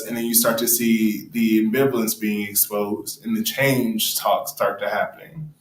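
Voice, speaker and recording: A man's voice: fairly low pitch, little pitch movement, moderate pace, reverberant, a little hiss or hum, poor audio. A man speaking as a therapist on a panel, explaining thoughtfully with frequent ums and restarts.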